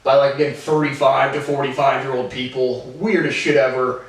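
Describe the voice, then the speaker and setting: A man in his twenties giving a rambling, profane personal monologue to camera, jumping between animated tangents. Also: medium pitch, fairly quick. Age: 20s. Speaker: vlogger. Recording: very echoey room, voice far from mic.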